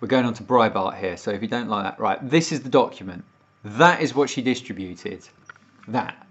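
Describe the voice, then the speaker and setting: A man's voice: lowish voice, normal speed, fairly bright tone. A British man from the United Kingdom ranting and swearing on a casual livestream, getting more worked up as he goes. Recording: dull lo-fi stream audio.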